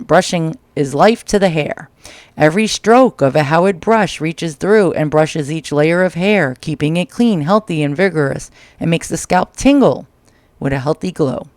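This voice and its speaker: Recorded dry in a small home with a dryer tapping nearby, this vlog host has a slightly high voice and a New York accent. He casually reads old magazine ads aloud, tossing in crude, joking asides.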